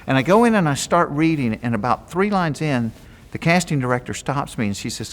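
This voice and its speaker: Southern US comedian in an interview, lively pitch, reverberant room. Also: male voice, fairly quick. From Georgia, US. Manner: animated, jokey, acts out quotes. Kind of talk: interview storytelling.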